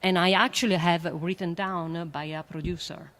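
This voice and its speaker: A woman with a French accent speaks on a panel in a low voice, earnest and emphatic, pausing often on fillers. Her words ring with the long reverb of a large hall. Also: fairly even intonation, fairly bright tone. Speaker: panelist, astrophysicist. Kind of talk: panel discussion.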